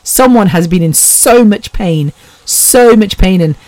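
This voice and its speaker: A woman's voice: medium pitch, expressive, unhurried, a little mellow, dry recording. Chatty British woman, dry close sound. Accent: British English. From England. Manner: chatty, laughs often, swears freely. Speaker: podcast host. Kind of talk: casual solo podcast monologue.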